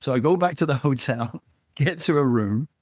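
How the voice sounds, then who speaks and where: A man's voice: medium pitch, moderate pace, no echo, studio quality. A man telling a long personal anecdote as a podcast guest, acting out the people he quotes and checking in with "right?". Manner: animated anecdote teller, acts out quotes, tags lines with "right?". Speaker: guest author. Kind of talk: storytelling in a podcast interview.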